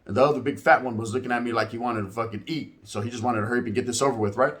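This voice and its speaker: A man's voice: mid-range voice, racing, a bit bright. A man in his forties telling a story and giving his opinion in casual, profane street talk, often tagging his lines with "right?". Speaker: reaction video host.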